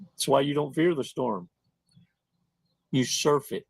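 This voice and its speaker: Male host, casual monologue, unhurried drawl, folksy slang, dry close sound. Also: mid-range voice, vocal fry, husky, no room sound. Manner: folksy, slangy, drawn-out emphasis.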